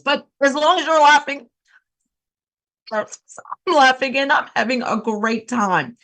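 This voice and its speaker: Upbeat female laughter yoga host, high and bright, encouraging throughout. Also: a little slow. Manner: cheery, coaxing, breaks into bursts of laughter. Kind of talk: guided laughter yoga session.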